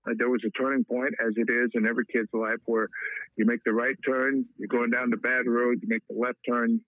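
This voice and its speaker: A man from Kansas is a podcast guest. He tells a personal story in a reflective way and pauses often on "uh". His voice comes over a thin, phone-like line that sounds dry and close. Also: mid-range voice, little pitch movement, dry recording. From Wichita, Kansas, USA. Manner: frequent "uh" fillers, heartfelt and reflective. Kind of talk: storytelling interview.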